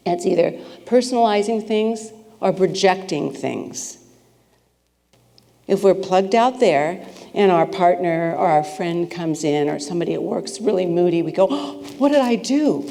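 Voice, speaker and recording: A woman's voice: lowish voice, a little slow, vocal fry, warm tone. A woman minister preaching a conversational sermon, chatty and playful, asking the congregation questions. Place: spiritual center sanctuary with a congregation. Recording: reverberant hall.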